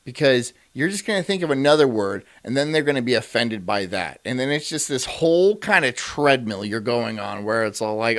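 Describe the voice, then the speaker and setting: A man's voice: mid-range voice, lively intonation, brisk, few pauses. A man streaming, ranting and reacting to clips in a brash, profane way and laughing often. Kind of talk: casual livestream rant.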